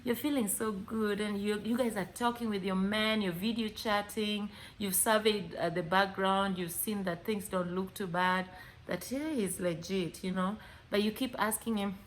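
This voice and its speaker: Animated Kenyan woman vlogger. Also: mid-range voice, moderate pace, slight background noise. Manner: animated, acts out both sides of chats, mixes in Swahili words. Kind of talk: casual monologue to camera.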